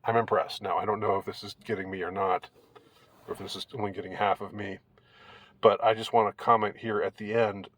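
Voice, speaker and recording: A man giving casual commentary on an article, rambling and halting with many restarts, in a wry tone. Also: lowish voice, flat delivery, a bit bright, slight background noise.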